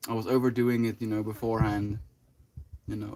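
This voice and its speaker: A man's voice: lowish voice, level tone, fairly quick, vocal fry, long pauses, dark tone. Laid-back rambling male streamer. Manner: rambling, laid-back, full of "like", "you know" and "dude". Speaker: livestreamer. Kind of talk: casual livestream chat, reading and answering chat.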